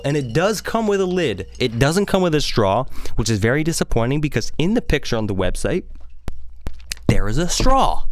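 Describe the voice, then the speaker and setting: A man hosting his own podcast in casual chat, rambling, swearing and joking through tangents into a studio microphone. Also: fairly high pitch. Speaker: podcast host. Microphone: studio microphone with headphones.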